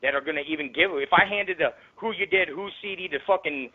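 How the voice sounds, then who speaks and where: Man, radio guest, casual storytelling, swears a lot, animated, phone-line audio. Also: a little high, fast. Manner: profane, rambling, animated.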